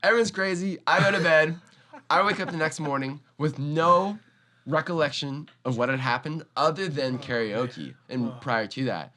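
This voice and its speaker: A young man, a skateboarder guest on a podcast, telling a story casually and acting out the quoted lines in loud, animated voices. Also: on the high side, moderate pace.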